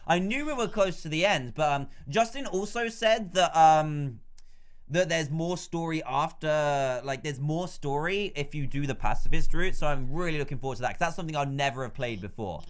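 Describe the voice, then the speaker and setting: A man's voice: on the high side, normal speed, close to an everyday voice. A man reading the part of a nervous female monster scientist, stammering and hesitant.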